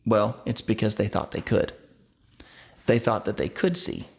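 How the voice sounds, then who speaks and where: A man's voice: lowish voice, steady tone, measured pace, gravelly. A man in his thirties, a pastor, preaching a sermon in a conversational way, asking his listeners questions and restarting words now and then.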